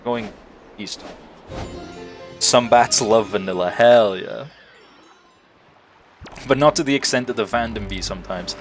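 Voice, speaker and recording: A man's voice: on the low side, unhurried, pauses often, faint music behind. A young man streaming a video game, chatting casually and telling stories with lots of laughter and swearing. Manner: lively, laughing, swearing storyteller. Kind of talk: casual gaming livestream chat.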